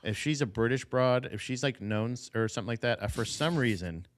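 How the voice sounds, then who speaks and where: Ranting, animated man podcast host. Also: mid-range voice, a little fast. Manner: animated ranting, profane, laughs. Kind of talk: casual podcast chat.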